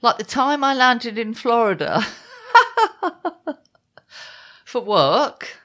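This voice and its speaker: A woman's voice: on the high side, animated, measured pace, fairly bright tone. A woman in her fifties, co-hosting a casual chat and telling self-mocking stories in a wry way. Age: 50s. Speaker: podcast co-host.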